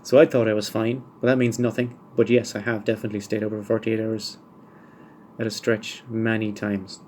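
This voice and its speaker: A man's voice: lowish voice, little pitch movement, a little fast, a little mellow, a little hiss or hum. A man hosting a solo podcast, answering listener questions one by one with dry, wry humour and rambling asides. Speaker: podcast host.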